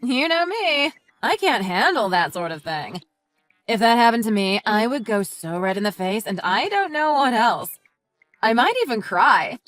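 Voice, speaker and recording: A woman's voice: a little high, big pitch swings, moderate pace, fairly bright tone, soft background music. A woman voicing a petty, taunting woman in a text-message story, speaking with a sing-song mockery. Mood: mocking. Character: snide gossiping woman, mocking and petty.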